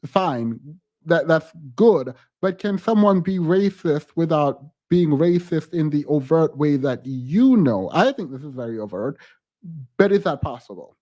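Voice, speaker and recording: A man's voice: on the high side, lively intonation, measured pace, warm tone. A man hosting a reaction commentary, skeptical and exasperated, thinking aloud. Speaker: host reacting to a clip.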